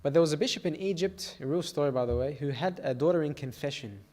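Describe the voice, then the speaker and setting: A man's voice: a little high, quick pace, darkish tone. A man giving a sermon to a youth meeting in a church, telling stories and often checking in with "okay?" and "all right?".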